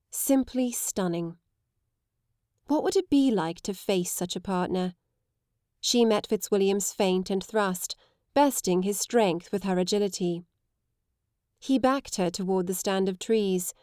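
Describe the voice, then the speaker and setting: Woman narrator, measured storytelling, close mic, dry studio sound. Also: medium pitch, mellow, no echo. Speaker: audiobook narrator. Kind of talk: scripted narration of a period romance.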